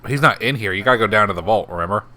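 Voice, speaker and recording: A man's voice: on the low side, very fast, pushed and bright, a little hiss or hum. A man chatting and laughing with a friend while they stream a game, often restarting his sentences. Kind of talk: casual game-stream chat.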